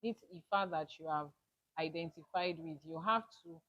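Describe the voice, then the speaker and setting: A woman's voice: low-pitched, moderate pace. A woman leading a spiritual class, emphatic, repeating her key points and asking rhetorical questions. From Nigeria. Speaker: Ifa spiritual teacher. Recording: dull lo-fi audio.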